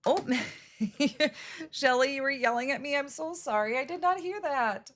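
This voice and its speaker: Her voice sits high and fairly bright, and she takes her time. A sociable middle-aged woman, she leads a casual live card-making session, saying hello to viewers by name and chuckling at her own fumbles.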